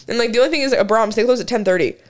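A woman's voice: on the high side, racing. A young woman in her twenties, co-hosting a podcast, telling a story with lots of laughs and casual swearing. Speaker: podcast co-host. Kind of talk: casual chat.

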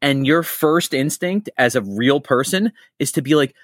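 A man's voice: medium pitch, moderate pace, dry recording, studio quality. A middle-aged man hosting a podcast, telling stories in casual chat and acting out the quotes he tells. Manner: animated storyteller, acts out quotes. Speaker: podcast host.

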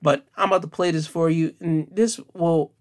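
A man hosting a solo podcast, speaking in an unhurried way with restarts and emphatic repeats. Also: a little high, fairly even intonation. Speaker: host.

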